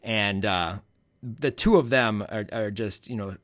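A man's voice: on the low side, measured pace. A man co-hosting a podcast, chatting casually and rambling about college gymnastics. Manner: rambling, lots of fillers and restarts. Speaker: podcast co-host.

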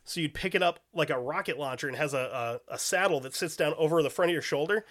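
A man's voice: fairly high pitch, fast talker, fairly bright tone. A man hosting a podcast, telling a story in casual, profanity-laced chat that rambles and doubles back. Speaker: podcast host.

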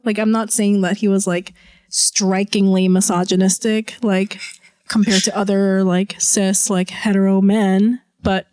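A woman's voice: mid-range voice, little pitch movement, a little slow, darkish tone, no room sound, clean studio sound. A woman co-hosting a podcast in casual chat, rambling with lots of "like" and "you know" and swearing freely. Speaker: podcast co-host.

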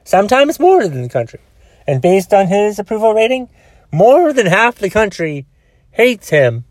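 A man's voice: high-pitched, big pitch swings, moderate pace, dry recording, studio quality. A man ranting alone into his phone, exasperated and profane, rambling with frequent restarts. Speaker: solo podcaster. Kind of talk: casual rant.

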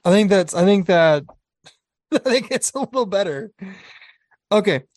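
Animated podcast co-host acting out scenes. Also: mid-range voice, unhurried, no echo, clean studio sound. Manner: animated storytelling, acting out quotes with sound effects. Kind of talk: casual film-review chat.

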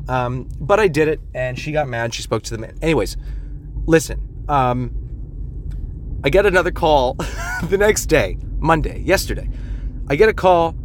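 A man's voice: fairly high pitch, moderate pace, pauses often, slight background noise. A man in his late twenties telling a rambling, profane, self-deprecating comic story in a casual monologue. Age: 20s.

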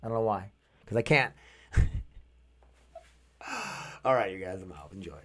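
A man's voice: low-pitched, expressive, normal speed, bright, forceful tone. A man hosting his own podcast, talking alone in a rambling, loose way with lots of swearing. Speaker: podcast host. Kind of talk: casual solo podcast monologue. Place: outdoors walking dogs.

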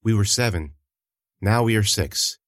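A man voicing a calm, cold young woman leader who speaks quietly and tersely in a storybook reading. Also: lowish voice, unhurried, no echo, studio quality, close to an everyday voice.

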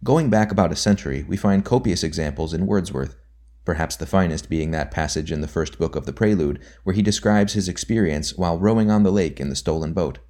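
A man narrating an audiobook in a measured, deliberate reading. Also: low-pitched, a little mellow.

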